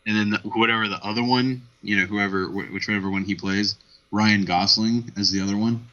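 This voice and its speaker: A man's voice: lowish voice, fairly even intonation, fairly quick, sharp tone, highs cut off. A man co-hosting a podcast, chatting casually and hesitantly, often restarting his sentences. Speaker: podcast co-host. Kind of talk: casual chat.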